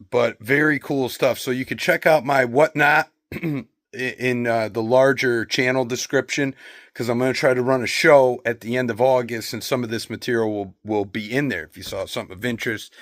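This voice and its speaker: A man's voice: mid-range voice, no echo, studio quality. A man who sells used and antiquarian books, chatting casually as he shows off his finds and reads out their titles, tired after long days. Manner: chatty and relaxed, reading off book titles. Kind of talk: casual show-and-tell vlog.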